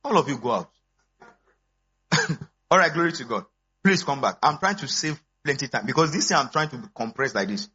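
A man, preaching a sermon as pastor, animated and swinging between low asides and high exclamations. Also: brisk, slightly rough, highs cut off. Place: church.

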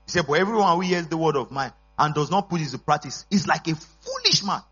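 A man preaching a sermon as pastor, emphatic, with call-and-response and bursts of shouting. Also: fairly high pitch, big pitch swings, fast talker, husky. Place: church service. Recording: dull lo-fi recording with mains hum.

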